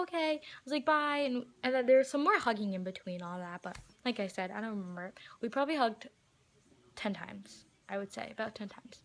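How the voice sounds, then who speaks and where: A teenage girl excitedly telling a story about meeting someone, quoting lots of dialogue and laughing as she goes. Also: on the high side. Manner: excited and giggly, heavy use of "like" and quoted dialogue. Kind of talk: casual storytelling vlog.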